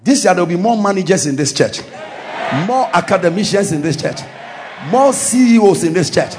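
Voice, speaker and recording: A fervent pastor preaching a charismatic sermon, his high voice leaping up and down as he shouts decrees. He is a man who drives every declaration with loud, rising conviction and very lively pitch. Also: normal speed, noisy background.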